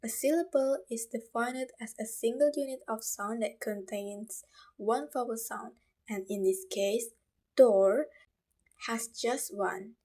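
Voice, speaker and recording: Slow, careful woman with Indonesian accent. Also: fairly high pitch, warm tone. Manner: slow, careful explanations with repeated examples. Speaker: student presenter. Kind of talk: class video lesson.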